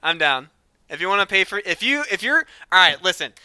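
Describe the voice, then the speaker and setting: A man's voice: high voice, sing-song, brisk, bright, forceful tone, clean tone, no room sound. A man hosting an esports stream, chatting with players and reading out viewer questions. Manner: upbeat, chatty, reads chat questions aloud. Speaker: esports caster interviewing players. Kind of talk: casual stream chat.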